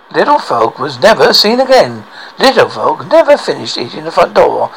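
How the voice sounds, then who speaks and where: A man narrating a children's storybook aloud, expressive, with small slips and restarts. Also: a little high, normal speed, gravelly, husky, low-quality recording.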